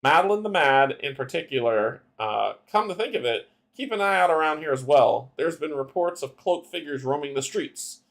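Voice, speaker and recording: A man's voice: a little high, expressive, normal speed, hardly any pauses, fairly bright tone. A man voicing a helpful tavern woman who gives travel advice, reading the card dialogue aloud in a card game. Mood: advising.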